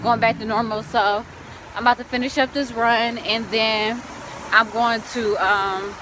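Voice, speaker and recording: A woman's voice: fairly high pitch, steady tone, unhurried, background noise. A woman vlogging casually, chatting to her viewers and telling stories as she walks by a lake and then cooks at home. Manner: chatty, storytelling, addresses viewers as y'all. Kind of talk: casual vlog chat.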